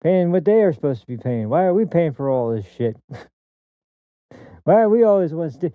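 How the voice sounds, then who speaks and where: A man's voice: a little high, big pitch swings, normal speed, no room sound, phone-quality sound, pitched above the performer's own voice. A man mimicking a brash, swaggering older politician. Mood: scornful. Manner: brash and dismissive.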